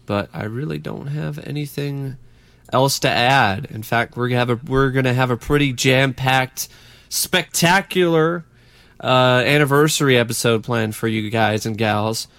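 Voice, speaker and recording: A man's voice: mid-range voice, unhurried, vocal fry, fairly bright tone, dry recording. A man co-hosting a podcast, easygoing and plain-spoken. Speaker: podcast co-host. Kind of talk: casual podcast chat.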